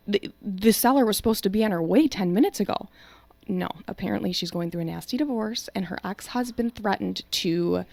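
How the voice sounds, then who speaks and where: A woman in her twenties, a real estate agent co-hosting a podcast, telling a story in a fast, animated, casual way with lots of "like.". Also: fairly low pitch, vocal fry, dry recording. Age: 20s.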